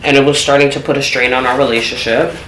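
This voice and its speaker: A woman telling a personal story in a home vlog, candid and open, her voice going soft and trailing when the story turns sad. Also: rumbling low, steady tone, fast talker, slight background noise. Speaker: vlogger. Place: home apartment. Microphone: phone camera. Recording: echoey room with clattering dishes.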